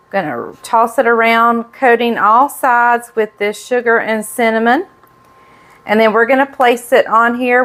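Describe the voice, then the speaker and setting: A middle-aged woman with a Southern US accent, chatting casually as she bakes on her home cooking vlog. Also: on the high side. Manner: chatty, relaxed, talks viewers through steps. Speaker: vlog host baking.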